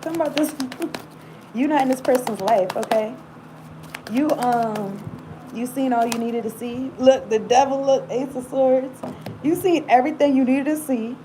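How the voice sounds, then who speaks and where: This tarot reader has a high-pitched voice and a slightly slow pace, with a noisy background. Her reading is loose and casual, with frequent laughter, asides, and direct address to the viewer.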